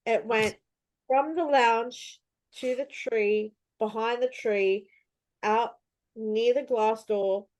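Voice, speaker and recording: A woman tells a story in casual chat, her voice pitched a little high. She acts out her own reactions with animation. The sound is close and dry. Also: fairly even intonation, slow pace, a little mellow, no room sound. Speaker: host.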